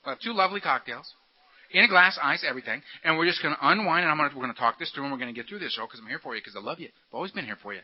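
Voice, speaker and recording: A man voicing his addiction as a beast that softly coaxes him to drink, in a low, wheedling, falsely caring tone. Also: expressive, very fast. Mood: tender. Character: addiction as a coaxing male beast. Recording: dull lo-fi recording.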